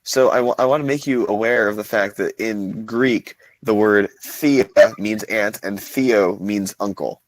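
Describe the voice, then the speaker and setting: A man's voice: on the low side, measured pace, few pauses, no echo, poor audio. A man playing a tabletop game in character, hesitant and rambling with many restarts. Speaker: player.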